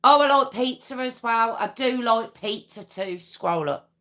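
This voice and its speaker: A woman hosts a live true crime stream from home, speaking into a webcam mic. Her voice is bright and forward, and she talks at an unhurried pace. She chats with viewers, giggles often and reads their comments aloud. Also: on the high side, animated. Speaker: true crime livestream host. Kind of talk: casual live chat with viewers.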